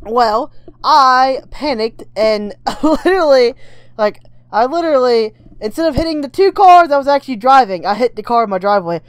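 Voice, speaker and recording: A woman's voice: sits high, animated, moderate pace, smooth, dry recording. A woman telling a casual story-time vlog, rambling and checking in with "right?" as she goes. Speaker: vlogger.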